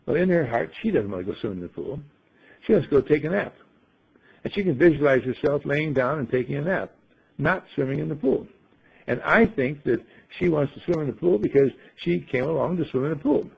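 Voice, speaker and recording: A man's voice: mid-range voice, creaky, husky. A man giving a storytelling talk, who asks rhetorical questions and playfully acts out the scenes he describes. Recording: dull lo-fi recording.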